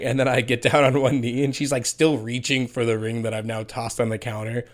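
A young adult man co-hosting a podcast, telling stories in a casual, profane, animated way. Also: mid-range voice, a little fast, few pauses. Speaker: podcast co-host. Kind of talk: casual chat.

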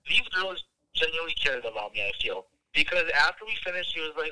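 A man's voice: on the high side, very animated, fast talker, pushed and bright, low-quality recording. A young man from Wisconsin telling a long, profane story in a rambling, casual way, full of filler words. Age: young adult. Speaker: podcast guest telling a story.

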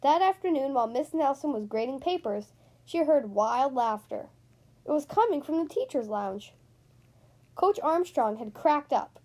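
Animated woman reading a picture book aloud. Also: high-pitched, unhurried. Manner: animated, expressive storytelling. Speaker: storybook reader.

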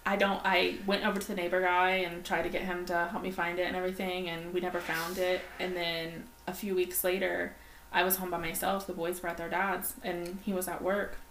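A woman co-hosting a casual chat podcast, telling stories with lively quoted voices. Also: on the low side, fairly quick. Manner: animated storyteller, acts out quoted voices. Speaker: podcast co-host. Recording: echoey room, faint ambient noise.

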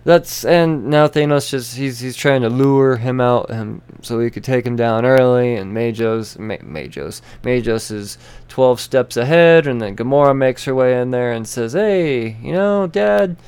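A man's voice: mid-range voice, moderate pace, hardly any pauses, darkish tone, clean tone. A man hosting a comic book podcast in a rambling, profane, casual review style. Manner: rambling, swearing, laughing.

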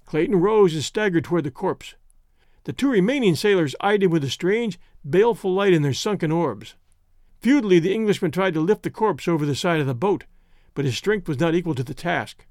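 A man narrating an adventure story in a measured, dramatic reading. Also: sits high, lively intonation, darkish tone, no room sound, clean studio sound. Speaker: audiobook narrator. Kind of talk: scripted narration.

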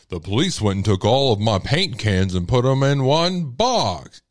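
A deep-voiced man with a Texas accent talks casually as a livestream host. His pitch swings widely, and he exclaims in disbelief. The sound is dry and close. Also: big pitch swings, moderate pace, hardly any pauses, no room sound. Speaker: podcast host.

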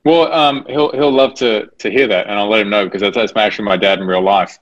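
A man's voice: fairly low pitch, steady tone, fast. A man, an actor being interviewed, talking casually and hesitantly with many fillers and restarts. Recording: dull lo-fi recording.

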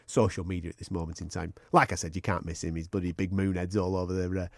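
A man's voice: deep voice, flat delivery, fast talker, no room sound, clean studio sound. A man hosting a podcast, chatting casually in a jokey, teasing way and swearing freely. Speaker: podcast host. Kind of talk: casual banter.

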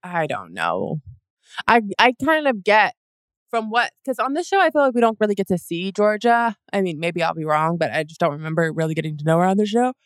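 A woman's voice: on the low side, sing-song, a little fast, clear, resonant tone, no echo. A young woman co-hosting a podcast, rambling through stories in casual chat, full of "like". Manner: rambling storyteller, lots of "like". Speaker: podcast co-host.

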